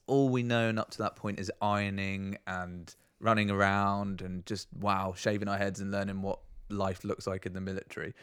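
A young man with a fairly low voice recounts a story in a casual, animated way. He swears freely and acts out other people's lines. The recording is close and dry. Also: clean tone, no room sound. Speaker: podcast guest.

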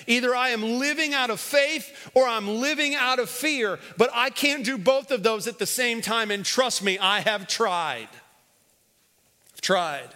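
Man, pastor, sermon, emphatic, high voice, long hall reverb. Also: measured pace. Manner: emphatic preaching, swinging between loud and hushed; repeats phrases and leads the congregation in call-and-response.

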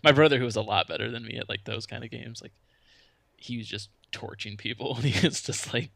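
Gravelly young guy rambling casually, dry close sound. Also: mid-range voice, fairly quick, a bit bright, no room sound. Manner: laid-back, rambling, lots of fillers. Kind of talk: casual chat.

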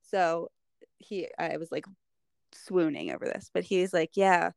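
A woman's voice: lowish voice, a little slow, gravelly, clear, resonant tone, dry recording. A woman co-hosting a podcast, telling stories animatedly and saying "like" a lot. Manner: animated storyteller, lots of "like". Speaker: podcast co-host. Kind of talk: casual chat.

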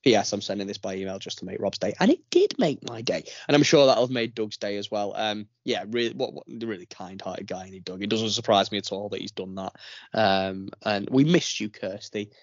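A man's voice: on the low side, fairly quick, no room sound. A man hosting a casual podcast, joking and rambling, a little under the weather. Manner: joking, rambling, swears freely. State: slightly ill. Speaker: podcast host. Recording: dry, dull lo-fi remote recording.

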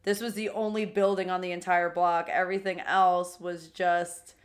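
A young American woman co-hosting a casual podcast, chatty and quick to laugh, often restarting her sentences. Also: lowish voice, level tone. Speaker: podcast co-host. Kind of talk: casual chat.

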